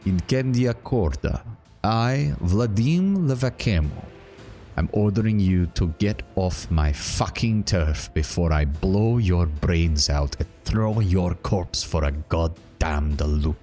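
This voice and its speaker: A man voicing a weary, bloodthirsty older gang boss who speaks in a slow, lazy drawl in a tabletop role-playing game. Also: lowish voice, a little mellow, faint music behind, natural voice. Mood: menacing.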